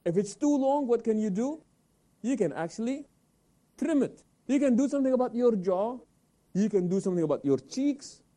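A man hosting a televised Islamic talk program, animated, answering his own questions and sprinkling in Arabic religious phrases. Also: very high voice, normal speed.

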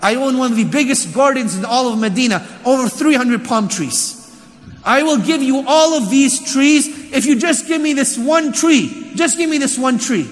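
A preacher voicing a generous man of old, fervent and pleading, his voice high and bright. His words ring with a long hall reverb. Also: expressive, normal speed. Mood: earnest. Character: wealthy male companion, joyful and generous.

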